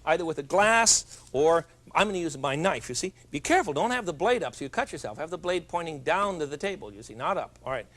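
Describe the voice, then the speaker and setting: A man's voice: a little high, a bit bright, slight background noise. A middle-aged man hosting a television cooking show, chatty and jovial with joking asides as he demonstrates in a studio kitchen.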